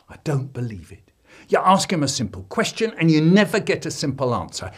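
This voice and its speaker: Theatrical guy telling a kids story, super lively voice, bit higher, acts it all out. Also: moderate pace, breathy edge. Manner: animated, theatrical, punchy sound effects. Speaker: storyteller and children's poet. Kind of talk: performed storytelling.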